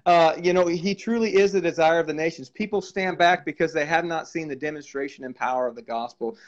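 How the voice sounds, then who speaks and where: A man with a slightly high voice tells a charismatic testimony, fervent and full of repeated words and restarts. The recording is dull and lo-fi. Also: a little fast. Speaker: minister sharing testimony.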